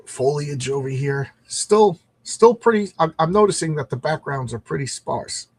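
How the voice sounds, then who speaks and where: A man's voice: a little high, lively intonation, normal speed, hardly any pauses. A middle-aged man chatting casually as he reviews a comic book, rambling and reading panels aloud.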